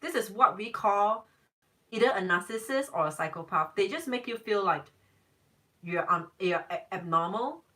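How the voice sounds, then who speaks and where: A woman's voice: mid-range voice, lively intonation, moderate pace, fairly bright tone, far from the mic, low-quality recording. A young woman, a tarot reader, chatting casually on a live stream, emphatic and repeating herself.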